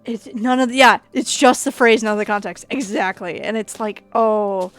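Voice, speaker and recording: A woman's voice: on the high side, moderate pace, fairly bright tone, soft background music. A young woman with a Minnesotan accent, chatting casually on a gaming stream, rambling and laughing with many fillers and casual swearing. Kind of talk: casual live-stream chat while gaming.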